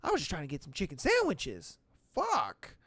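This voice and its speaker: A podcast host in casual storytelling mode, reading listener posts aloud and riffing on them in slang. The voice sits at a middle pitch, and the recording is dry and close. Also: fast talker, no room sound. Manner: animated, slangy, laughs at own stories.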